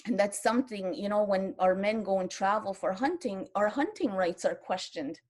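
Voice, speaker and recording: A woman's voice: medium pitch, moderate pace, hardly any pauses, darkish tone. An older woman, a grandmother, speaking earnestly on an online round-table video call, with many restarts and moments where her feelings show. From Kahnawake, Quebec.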